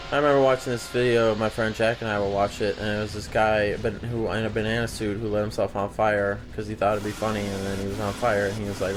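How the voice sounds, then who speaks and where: Deadpan young man rambling over gameplay. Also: on the low side, a little fast, few pauses, music in the background. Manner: dry, rambling, jokey asides. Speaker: gaming video host.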